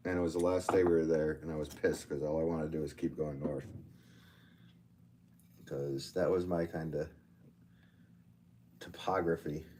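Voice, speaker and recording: A man with a warm bass voice, from Connecticut and with that state's accent, hosts a livestream from his pottery studio at a steady tone and moderate pace, pausing often. He reads viewer comments and pokes fun at himself in a chatty way, often restarting, over slight background noise.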